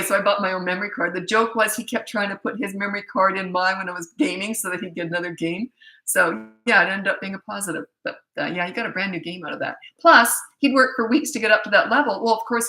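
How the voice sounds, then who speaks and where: A woman's voice: medium pitch, quick pace, pushed and bright, roomy sound. A middle-aged woman parenting coach giving blunt, chatty advice and telling stories from her own family life. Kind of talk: casual advice talk.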